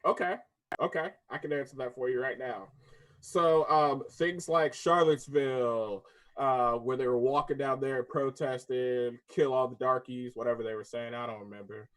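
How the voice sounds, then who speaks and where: A young man co-hosting a casual debate podcast, telling stories with lively energy and frequent laughs. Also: mid-range voice, moderate pace. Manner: animated storyteller, laughs often, acts out voices. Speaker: podcast co-host.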